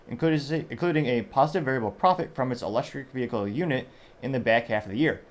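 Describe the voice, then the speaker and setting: A man's voice: medium pitch, darkish tone. A male host giving casual news commentary, rambling and correcting himself as he reads business stories aloud.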